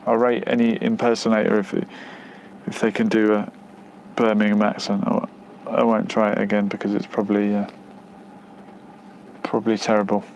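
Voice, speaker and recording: A man's voice: fairly low pitch, completely flat delivery, normal speed, long pauses, darkish tone, slight background noise. A man hosting a casual live stream, reading out viewer comments and answering them in a rambling, hesitant way with many fillers and restarts. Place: near the outskirts of West London.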